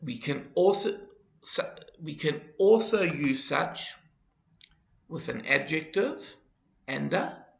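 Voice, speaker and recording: Slow, gravelly man teaching grammar. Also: a little high, animated, fairly bright tone. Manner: slow, deliberate explanation with repeated examples. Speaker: English teacher. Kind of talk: grammar lesson. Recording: dull, roomy lesson recording.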